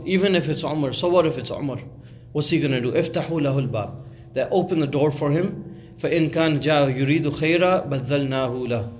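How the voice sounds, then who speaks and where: Male speaker, mid-pitched, conversational storytelling sermon with some fillers and Arabic recitation, faint background hiss. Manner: conversational, many fillers and restarts, quotes Arabic. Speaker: Islamic speaker.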